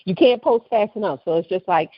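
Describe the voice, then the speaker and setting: A woman's voice: medium pitch, a little fast, no room sound. A woman co-hosting a podcast, telling a story in casual chat and acting out the people she quotes. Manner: animated storyteller, acts out quoted voices. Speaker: podcast co-host. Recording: dull, slightly lo-fi dry studio sound.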